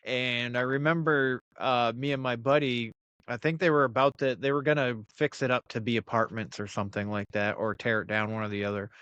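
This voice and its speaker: A man's voice: medium pitch, a little fast, smooth, no room sound, dull audio. A man hosting a podcast, telling stories in casual chat and swearing often. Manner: swears often, animated storyteller. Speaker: podcast host.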